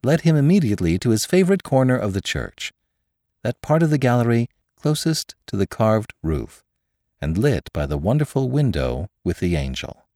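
A man narrating a classic story as a podcast host, in measured, expressive storytelling. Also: mid-range voice, dry recording, studio quality. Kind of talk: audiobook narration.

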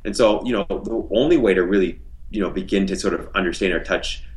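Low-voiced man explaining thoughtfully. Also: brisk, poor audio. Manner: reflective, explanatory, many fillers. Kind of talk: casual podcast discussion.

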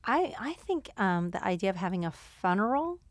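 Female podcast host, middle pitch, dry close mic, conversational and reactive. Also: sing-song, moderate pace, no room sound. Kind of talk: casual interview chat.

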